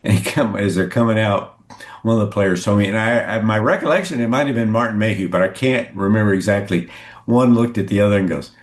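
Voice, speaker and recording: Older man, lively storyteller, roomy sound. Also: a little fast. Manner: lively storyteller who acts out quotes with pitch jumps. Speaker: guest sportswriter. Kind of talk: conversational anecdote telling.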